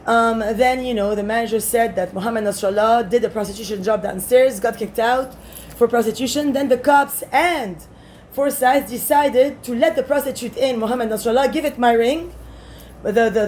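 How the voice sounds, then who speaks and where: A woman with a notably high voice delivers a rambling monologue to camera. She sounds agitated and swears freely, leaping from one point to the next and now and then breaking into shouts. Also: normal speed, a little hiss or hum. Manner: agitated, profane, jumps between topics, bursts into shouting.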